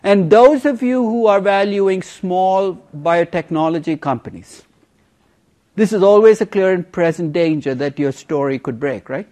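A man teaching a university finance class, emphatic and lively, teasing students with questions. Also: high-pitched, measured pace. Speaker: finance professor. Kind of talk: university lecture.

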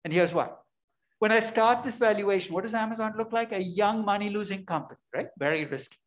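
A man's voice: high voice, a little fast. Male lecturer, conversational and emphatic, poses questions then answers them. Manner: emphatic, asks and answers his own questions. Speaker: finance lecturer. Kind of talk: classroom lecture.

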